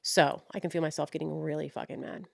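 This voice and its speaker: A woman's voice: deep voice, steady tone, fast, vocal fry, darkish tone, no room sound, studio quality. A young woman hosting her own podcast, rambling frankly, swearing often and mocking herself as she loses her train of thought. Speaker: podcast host. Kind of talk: casual rambling monologue.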